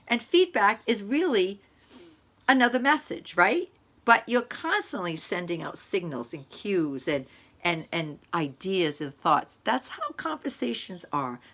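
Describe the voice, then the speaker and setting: A woman's voice: lowish voice, a bit bright. Woman giving a casual lecture. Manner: conversational, explaining with repeated examples. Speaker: college instructor. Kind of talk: recorded online lecture.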